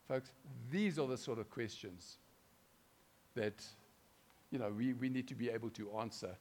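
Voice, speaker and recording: A man preaching a sermon, swinging between loud and hushed delivery and often asking the congregation questions. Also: mid-range voice, moderate pace, long pauses.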